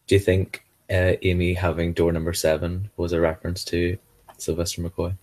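Deep-voiced man in casual chat. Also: level tone, normal speed, a little mellow. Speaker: podcast co-host. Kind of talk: casual chat reviewing an episode.

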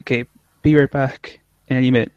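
A man's voice: mid-range voice, steady tone, fairly quick, dull audio. A man co-hosting a casual chat, rambling and often trailing off mid-thought. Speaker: podcast co-host. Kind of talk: casual chat reviewing an episode.

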